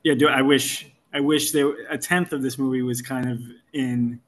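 A man's voice: medium pitch, steady tone, moderate pace. A man joining a casual film podcast. He agrees readily and talks hesitantly, with many "um"s and "yeah"s.

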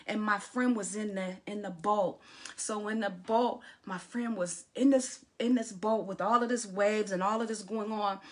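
A woman's voice: medium pitch, steady tone, unhurried. A woman preaching a sermon, telling a story with dramatic swings in volume and emphasis.

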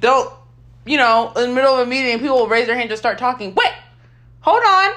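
A woman co-hosting a casual chat podcast. She is animated and teasing, quick to laugh and chime in. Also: on the high side. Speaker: podcast co-host.

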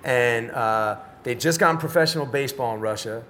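Forceful, animated middle-aged man telling stories. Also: medium pitch, fairly quick, slight background noise. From United States. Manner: animated, profane, street-style slang. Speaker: podcast guest. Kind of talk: casual storytelling interview.

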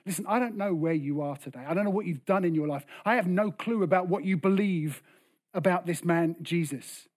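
A man preaching a sermon with passion, rising to loud bursts and dropping to hushed lines. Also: high-pitched, a little fast. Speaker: pastor.

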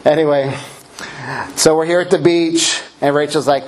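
A middle-aged man preaching a sermon, telling stories with self-mocking humor and animated delivery. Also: moderate pace, a little hiss or hum. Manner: animated, swings into high character voices. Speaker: pastor.

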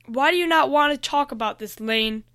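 A woman voicing a brave young boy hero who speaks in an excited, raised voice. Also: high-pitched, normal speed, dry recording, clean studio sound. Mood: urgent.

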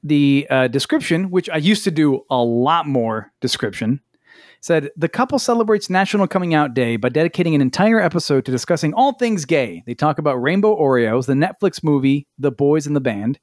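A man's voice: fairly high pitch, lively intonation, brisk, no room sound, studio quality. A man co-hosting a podcast, chatting casually and telling stories with acted-out quotes and casual swearing. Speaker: podcast co-host. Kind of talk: casual chat, storytelling.

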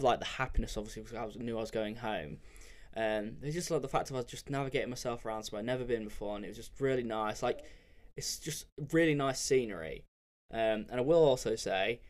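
Here a young man with a fairly low, slightly mellow voice tells travel stories on his podcast. It's casual solo storytelling, candid and sweary, packed with fillers.

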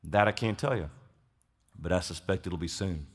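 A man's voice: deep voice, normal speed, breathy edge, long reverb tail, pitched below the performer's own voice. A man voicing a laid-back male innkeeper who answers in a casual, matter-of-fact way.

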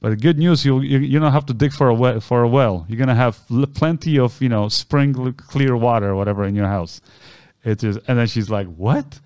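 Man, podcast co-host, lively storyteller, smooth clear voice, dry close sound. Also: medium pitch, brisk, no echo. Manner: animated storyteller acting out quoted voices. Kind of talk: casual storytelling chat.

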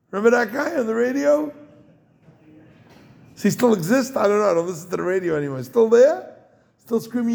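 A man's voice: high voice, expressive, brisk, creaky, pauses often, darkish tone. A man giving an informal Torah talk as a rabbi, jokey and digressive, and turning to ask his listeners questions.

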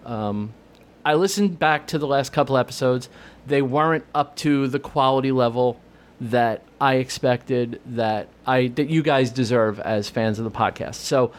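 A man's voice: mid-range voice, unhurried. A man hosting a podcast in casual chat, emotional and choked up, laughing through near-tears. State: voice breaking with emotion. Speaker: podcast host.

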